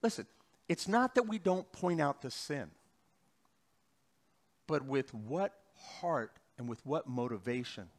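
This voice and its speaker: A middle-aged male pastor preaching a sermon, swinging between loud emphatic bursts and quiet, slow passages. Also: medium pitch.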